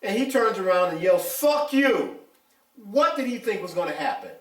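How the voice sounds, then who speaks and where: Blunt, animated retired cop, echoey room. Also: male voice, high voice, quick pace. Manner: blunt, animated, emphatic storytelling. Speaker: retired police officer, interviewee. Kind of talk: casual interview talk. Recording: echoey room, mic at a distance.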